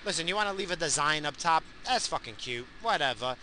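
Crude ranting man with a sharp voice. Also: fairly high pitch, lively intonation, fairly quick, slight background noise. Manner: crude, ranting, yells at other drivers. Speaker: vlogger. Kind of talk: casual profane rant. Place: inside a car.

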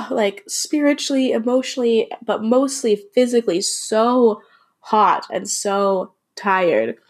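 A woman's voice: fairly high pitch, slow pace. A young adult woman hosting a podcast, telling a personal story in a candid, emotional way, swearing and restarting as she goes.

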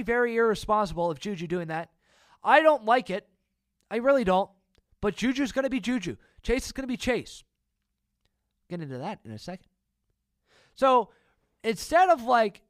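A man hosting his own sports podcast alone, ranting in an exasperated way with sudden loud outbursts. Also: sits high, dry recording, studio quality. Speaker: podcast host. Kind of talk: solo sports opinion podcast.

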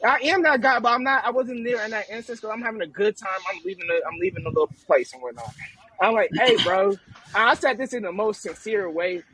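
A man co-hosting a podcast, telling a story in a loud, animated, profane way during a casual group chat. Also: high voice, quick pace, breathy edge, low-quality recording. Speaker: podcast co-host.

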